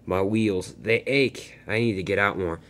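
A man's voice: lowish voice, unhurried, a bit bright. A man voicing a grumpy, bossy male toy diesel engine who talks dismissively.

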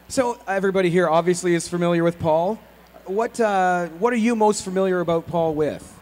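A woman's voice: on the low side, brisk, a little mellow. A convention panel host asking questions casually, giggling and stumbling over her words. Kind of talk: casual interview hosting. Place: convention hall.

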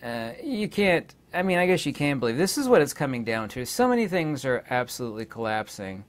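A man hosting his own channel, talking in a rambling, indignant way and pausing on many filler words. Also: mid-range voice, very animated. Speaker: channel host. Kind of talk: rambling casual monologue.

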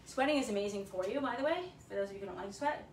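A woman's voice: mid-range voice, lively intonation, racing, a little hiss or hum. Breathless woman coaching a workout, echoey garage. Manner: upbeat, encouraging, counts reps aloud. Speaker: fitness instructor. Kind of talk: workout instruction with rep counting. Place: un-air-conditioned home garage. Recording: echoey garage, mic at a distance.

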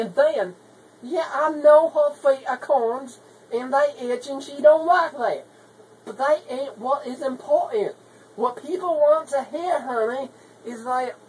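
Her voice high-pitched, a woman plays a folksy, rambling country wife in a comedy sketch, scheming to sell web-marketing tricks in a fake rural Southern hick accent and calling everyone honey. She's a comedy video maker, and the rough recording carries a little hiss or hum.

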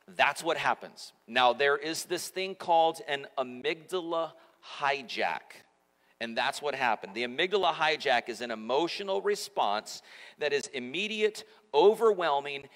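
A man's voice: mid-range voice, fairly bright tone. Pastor in his forties, man, chatty sermon delivery, long church reverb. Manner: conversational, self-mocking storytelling. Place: church auditorium. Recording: echoey church hall.

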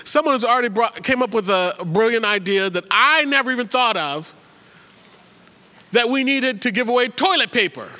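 A man with a high, bright voice gives announcements to his congregation from the pulpit. He is chatty and joking, often stumbling and restarting his words. His voice rings out with a long reverb in a large church sanctuary. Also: animated, moderate pace. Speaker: pastor.

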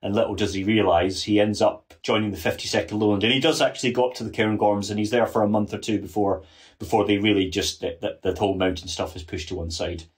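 A man with a lowish voice explains military history as a podcast guest. He is earnest and thorough, with frequent false starts and restarts. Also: fairly even intonation, quick pace. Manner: earnest, detailed, many restarts. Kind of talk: casual history podcast chat.

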